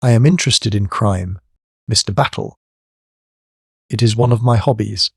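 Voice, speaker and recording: A man voicing a placid American gentleman collector who speaks in a slow, polite drawl with an American accent. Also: fairly low pitch, breathy edge, no room sound, clean studio sound.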